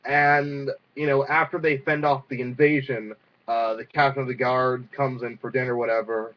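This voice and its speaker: A man's voice: medium pitch, level tone, normal speed. A young man casually reviewing a cartoon episode, rambling with lots of fillers and the odd swear word. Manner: rambling, filler-heavy, profane. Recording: dull lo-fi sound.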